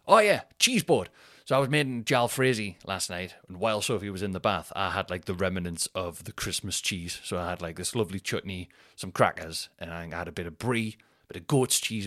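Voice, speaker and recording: A man's voice: on the low side, dry recording, studio quality. A man, rambling and swearing through a casual solo podcast chat. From North East England. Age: 30s. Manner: rambling and sweary, thinks out loud. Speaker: podcast host.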